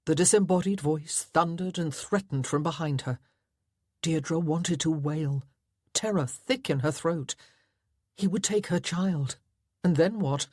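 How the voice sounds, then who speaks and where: A woman's voice: low-pitched, measured pace, a little mellow, no echo, clean studio sound. A woman narrating a historical romance audiobook in a dramatic, tense storytelling manner. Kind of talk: scripted narration.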